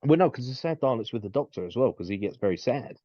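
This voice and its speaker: A man's voice: mid-range voice, expressive, quick pace, dull audio. A man co-hosting a casual chat, rambling and repeating his words as he talks things through. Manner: rambling, repeats words, quotes in put-on asides. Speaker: podcast co-host.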